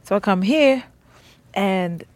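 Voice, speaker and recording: A woman with a London accent speaks as a guest in a relaxed interview. She tells her stories in an animated way and keeps checking in with "you know" and "right?". Her voice sits in a middle pitch. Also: takes it slowly. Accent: London English. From London, England. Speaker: guest singer and rapper. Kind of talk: casual conversational interview.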